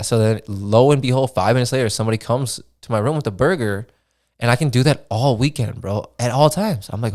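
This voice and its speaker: A young man hosting his own podcast, telling a travel story in a relaxed, casual way, full of fillers and swearing. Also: medium pitch, a little fast. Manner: laid-back, swears freely, many fillers like "dude" and "man". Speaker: podcast host.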